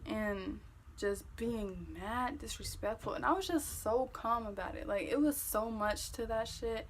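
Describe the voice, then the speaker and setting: A young woman vlogger telling a story-time tale in casual, profane, animated talk that gets loud when she replays an argument. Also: fairly high pitch, unhurried, a little hiss or hum.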